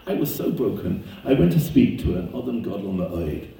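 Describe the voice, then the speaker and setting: A man's voice: lowish voice, very animated, moderate pace, vocal fry, dark tone. A man telling stories in a sermon, an emphatic storyteller whose voice leaps up when he gets stirred. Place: lives in Israel. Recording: very echoey room, mic far off.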